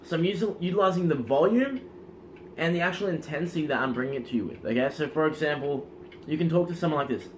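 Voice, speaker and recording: A man coaching in casual instructional talk, energetic and demonstrative, often checking in with the listener. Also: fairly high pitch, fast talker, a little hiss or hum. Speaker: self-improvement coach.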